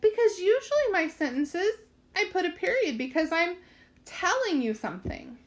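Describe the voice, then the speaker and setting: A woman's voice: very high-pitched, sing-song, moderate pace. A woman teaching a recorded lesson to young children, thinking aloud and spelling words out letter by letter in a sing-song teacher voice.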